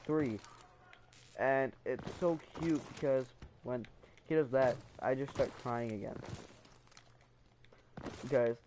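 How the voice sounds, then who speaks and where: Telling a family story on his vlog, a man with a mid-range, somewhat dark voice rambles with emotion and fillers. He acts out quoted voices in this casual storytime, and a faint hiss or hum sits under the recording.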